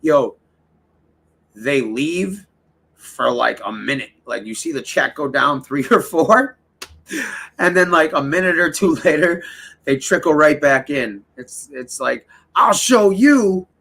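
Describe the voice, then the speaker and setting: Slow-talking, gravelly livestream host, a man who rambles, swears a lot and chats with viewers. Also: on the high side, sharp tone. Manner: rambling, heavy swearing, talks straight to the chat. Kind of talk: casual livestream chat with viewers.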